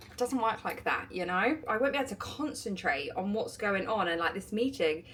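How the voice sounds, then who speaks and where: A woman vlogging casually at home, excitable and giggly, rambling with lots of fillers. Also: medium pitch, brisk, few pauses. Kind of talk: casual vlog chat to camera. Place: indoors at home, getting ready. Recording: echoey room.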